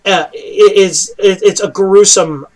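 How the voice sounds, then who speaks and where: High-voiced man running a tabletop game. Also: takes it slowly, darkish tone. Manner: jokey, with frequent restarts and laughs. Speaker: game master.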